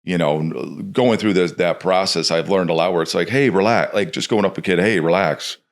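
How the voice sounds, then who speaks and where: A man's voice: low voice, steady tone, brisk, creaky. A man from Chicago, a former pro baseball player, talking casually as a podcast guest and acting out quotes as he speaks.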